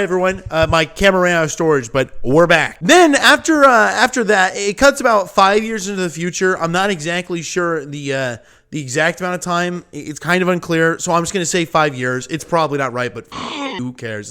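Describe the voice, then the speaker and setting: A man's voice: a little high, expressive, fairly quick, sharp tone, clean tone. A young man giving an exasperated, rambling film review in a ranting video. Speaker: movie reviewer.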